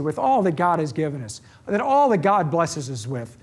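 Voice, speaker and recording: Earnest male preacher, fairly high voice, repeats lines for emphasis. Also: big pitch swings, moderate pace, a little mellow, breathy edge. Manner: earnest, gets emotional about faith. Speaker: speaker giving a faith talk. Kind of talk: sermon.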